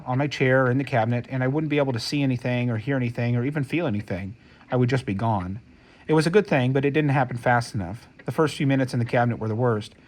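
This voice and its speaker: A man reading a novel aloud as an audiobook, in steady, measured first-person storytelling. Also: mid-range voice. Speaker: audiobook narrator.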